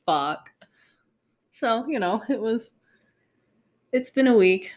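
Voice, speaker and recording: A woman's voice: fairly high pitch, expressive, takes it slowly, a little mellow. A woman in her thirties chatting casually, wry and weary, swearing often. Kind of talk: casual chat.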